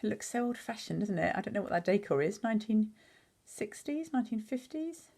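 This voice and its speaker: A woman teacher reading a picture book aloud, pausing to chat and quiz the listener on words. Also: mid-range voice, very animated, creaky, mellow. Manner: chatty, asks the listener questions.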